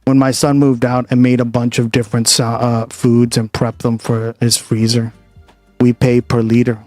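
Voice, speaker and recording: A man's voice: mid-range voice, flat delivery, normal speed, darkish tone, no room sound, soft background music. A man hosting a livestream, chatting casually and profanely with his viewers. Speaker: livestream host. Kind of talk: casual stream chat.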